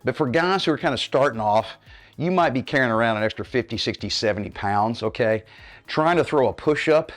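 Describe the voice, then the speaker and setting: He speaks fairly quickly at medium pitch with lively intonation, soft music in the background. A fitness coach in his fifties, he leads a home workout in the living room, panting while demonstrating moves and coaching viewers with "okay, guys?"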